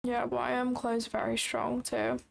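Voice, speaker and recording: High-voiced chatty woman livestreamer. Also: completely flat delivery, measured pace, gravelly. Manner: chatty, exclamatory, swears casually. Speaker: trading livestreamer. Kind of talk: casual livestream commentary.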